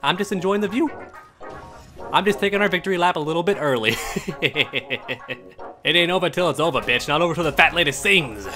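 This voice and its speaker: A man giving live gameplay commentary as a channel host, taunting opponents and swearing, dropping low to mutter and then jumping up in excited yelps. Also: fast, music in the background. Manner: trash-talking, taunting, swearing.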